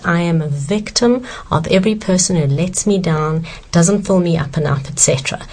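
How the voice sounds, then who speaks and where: 认真的自助书作者，女声偏低. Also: female voice, on the low side, darkish tone. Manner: emphatic, earnest. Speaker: author answering questions. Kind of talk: earnest self-help Q&A.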